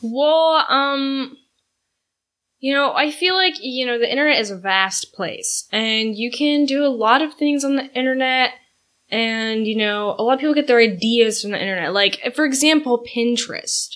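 Young woman, podcast co-host, high bright voice, rambling chatty manner. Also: moderate pace. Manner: chatty, laughs often, lots of fillers. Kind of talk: casual chat.

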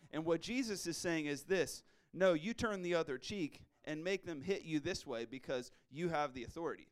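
Energetic, slangy man preaching a sermon. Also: a little high, smooth. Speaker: pastor. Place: church before a congregation.

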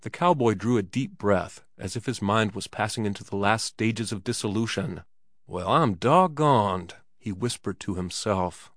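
A man narrating a classic story in a measured, even reading voice. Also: on the low side, no echo, clean studio sound. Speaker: audiobook narrator.

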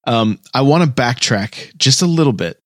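Podcast guy rambling along, lots of restarts, trails off quiet, dry sound. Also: mid-range voice, lively intonation, moderate pace, no echo. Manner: rambling, restarts often, drops quiet at phrase ends. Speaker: podcast co-host. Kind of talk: casual chat.

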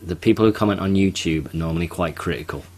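Very deep-voiced man chatting on a podcast. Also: fast, darkish tone. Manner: chatty, restarts and self-corrections. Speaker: podcast co-host. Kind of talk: casual chat.

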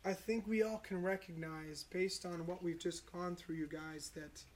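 A preacher giving an earnest, reflective sermon, citing scripture and slowing down to stress key moments. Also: mid-range voice, steady tone, a little mellow. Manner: earnest, reflective, slows for emphasis.

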